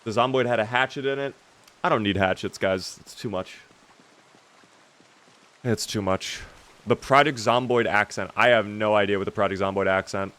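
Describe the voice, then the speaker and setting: A man's voice: fairly low pitch, normal speed, pauses often, a bit bright. A young man streaming a zombie survival game, chatting casually and reading out viewer questions to answer them. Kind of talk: casual gameplay commentary reading chat.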